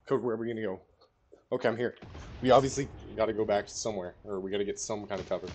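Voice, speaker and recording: A young man giving casual live commentary to a teammate while playing a battle royale game, rambling one moment and shouting callouts the next. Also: fairly low pitch, fast, background noise. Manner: casual, rambling, bursts into excited shouting in fights. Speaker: gamer streamer.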